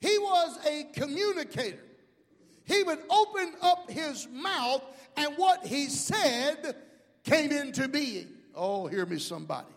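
A middle-aged male pastor preaching a sermon, calling out to the congregation and rising into shouts. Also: extremely high pitch, lively intonation, takes it slowly, in a large hall. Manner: preaching with call-outs to the congregation.

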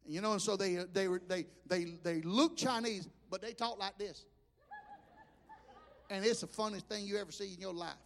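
A male preacher delivers his sermon in a folksy, impassioned style, working humor into the message. His voice sits unusually high for a man. It rings out with the long reverb of a church hall. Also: moderate pace, gravelly.

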